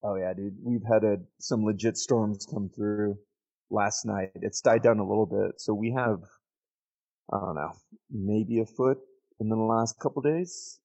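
A man's voice: lowish voice, measured pace, gravelly, dark tone. A man co-hosting a podcast, laid-back and slangy, chatting casually and calling people dude and bro. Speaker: podcast co-host. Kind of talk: casual chat.

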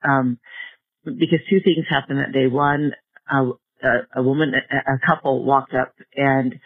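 A man being interviewed, telling a story in a halting way with many restarts and repeated words. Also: medium pitch, steady tone, creaky. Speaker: guest, project organizer. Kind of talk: storytelling in conversation. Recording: narrow phone-like line.

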